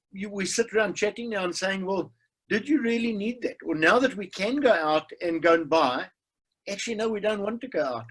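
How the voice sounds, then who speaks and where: An older man, telling a wry, unhurried story about life at home on a video call. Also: high-pitched, fairly bright tone, breathy edge, rough recording. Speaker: webinar participant. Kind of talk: casual personal anecdote.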